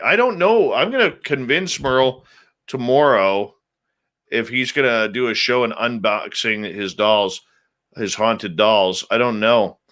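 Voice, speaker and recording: A male show host talking in an unhurried, easy drawl while he chats with viewers before the show. His voice is bright and forceful, and he greets people by name and mutters little asides to himself. His pitch sits at an ordinary middle range for a man. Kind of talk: casual pre-show chat with live viewers.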